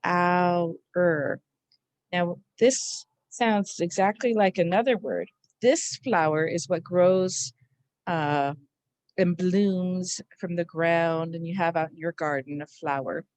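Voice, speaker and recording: A middle-aged woman teaching a slow spelling lesson, overpronouncing each sound and syllable. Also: on the low side, darkish tone, no room sound.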